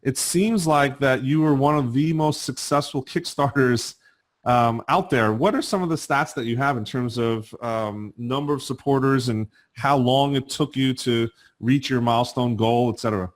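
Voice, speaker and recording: Chatty New Jersey podcast host. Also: male voice, mid-range voice, normal speed. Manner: conversational, asks long questions with many fillers. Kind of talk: casual interview.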